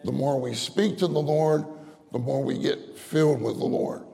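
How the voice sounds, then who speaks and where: A man preaching a sermon with a gravelly voice, earnestly repeating key phrases and lifting his pitch when he urges the listeners. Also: normal speed, warm tone. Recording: long hall reverb.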